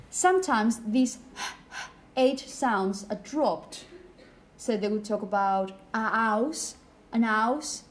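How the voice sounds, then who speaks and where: A woman's voice: medium pitch, darkish tone. A woman teaching a phonetics class in a classroom, chatty and apologetic, putting questions to her students. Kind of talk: classroom lecture.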